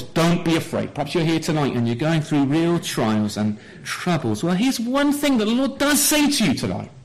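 A man preaching a sermon in a church, telling a Bible story with lively questions to the congregation. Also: high-pitched, low-quality recording.

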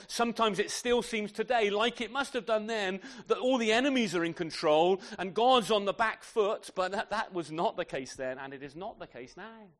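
Man preaching a sermon with a slightly high voice; emphatic, asks the congregation questions. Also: animated, moderate pace, hardly any pauses. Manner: emphatic, with frequent rhetorical questions; addresses children in the congregation.

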